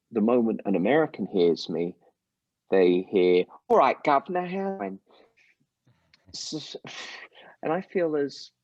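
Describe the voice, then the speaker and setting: A middle-aged man with an English accent, a musician guest telling stories with animated voice jumps. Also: creaky, no echo, highs cut off. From England. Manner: animated storyteller, mimics voices with big pitch jumps. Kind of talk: casual interview over a call.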